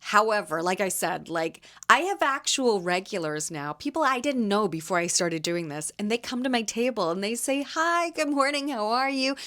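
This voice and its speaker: A woman in her thirties from Canada, hosting a casual solo podcast and telling lively stories about her market stall. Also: mid-range voice, normal speed, hardly any pauses. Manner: chatty, animated storyteller acting out quotes. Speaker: podcast host and market vendor.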